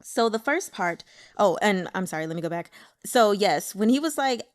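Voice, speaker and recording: A woman hosting a casual book discussion who breaks off to teach how to say Mandarin names, talking with lively enthusiasm. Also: medium pitch, normal speed. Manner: excitable, teaches Mandarin name pronunciation. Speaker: book club host.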